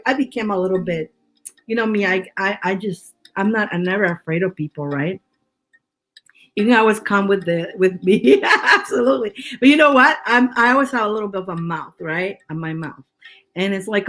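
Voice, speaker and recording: A woman's voice: mid-range voice, normal speed, a bit bright. A woman from Canada, a tarot reader, in rambling casual chat full of restarts. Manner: chatty, rambling, with many restarts.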